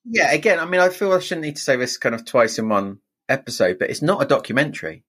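Co-host, husky and expressive, quick wry asides. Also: medium pitch. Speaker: podcast co-host. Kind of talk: casual chat.

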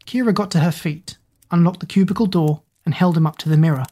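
A woman reading a story aloud in steady, measured audiobook narration. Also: on the low side.

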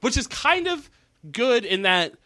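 Male co-host, casual recap chat, animated and profane, dry close-miked sound. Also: unhurried, no room sound. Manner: animated, swears often, jumps into high mocking voices when quoting characters. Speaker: podcast co-host.

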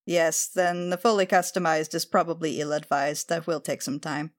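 A woman's voice: low voice, steady tone, normal speed, close to an everyday voice. A woman voicing a snooty dwarf dressmaker in a tabletop game, looking down on her customers. She drawls with a fussy, superior politeness and keeps calling them "darling.". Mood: businesslike. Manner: haughty and condescending, calls people darling.

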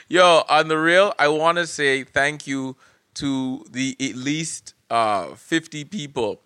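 Laughing, animated man hosting a podcast. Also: fairly high pitch, slow pace, clean tone, dry recording, clean studio sound. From Canada. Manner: laughs often, shouts out listeners. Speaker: podcast host. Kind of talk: casual podcast chat.

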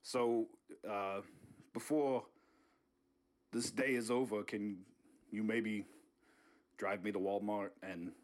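A man's voice: fairly low pitch, steady tone, slow, long pauses, pitched below the performer's own voice. A man voicing a brash older male politician who rambles and stammers while sneaking around a house, in a comedy sketch. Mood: pleading. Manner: rambling, stammering, repeats words.

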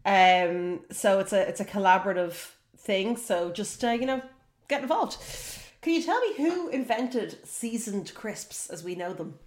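A woman running a quiz on a casual podcast, chatty and quick to laugh. She restarts her sentences as she explains. Her voice rings in a roomy, echoey space. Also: medium pitch, animated. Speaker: podcast producer and quiz host.

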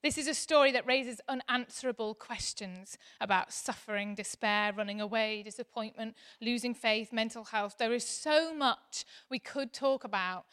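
Bright, animated woman preacher. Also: on the high side, moderate pace, few pauses, clear, resonant tone. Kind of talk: sermon.

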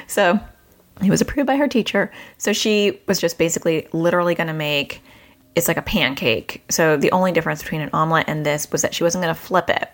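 Chatty lower-voiced mom podcaster. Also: female voice. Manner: chatty, self-deprecating, quick storytelling. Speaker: podcast host. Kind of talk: casual podcast monologue.

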